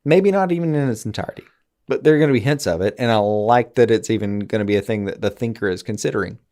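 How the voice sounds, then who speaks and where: A man co-hosting a podcast in casual chat, animated, swearing freely and slipping into quick mimicked voices. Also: on the low side. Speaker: podcast co-host.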